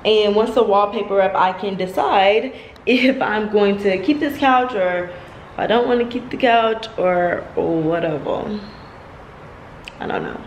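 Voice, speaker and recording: A young woman in her twenties chatting casually to her viewers at home, filled with "like" and quick asides. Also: medium pitch, slight background noise, low-quality recording. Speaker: vlogger. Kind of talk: casual home vlog chat. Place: at home, indoors.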